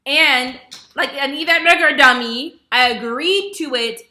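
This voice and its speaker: A young woman vlogger telling a personal story in casual, animated storytime style, acting out what others said. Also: high voice, moderate pace. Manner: animated, acts out quotes of others. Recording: echoey room.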